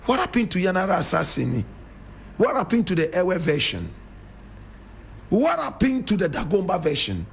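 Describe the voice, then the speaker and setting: A man's voice: high voice, huge pitch swings, moderate pace, vocal fry, pauses often, breathy edge. A Ghanaian man with a Ghanaian English accent giving a fiery, preachy radio monologue and calling his listeners brother and sister. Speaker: radio show host.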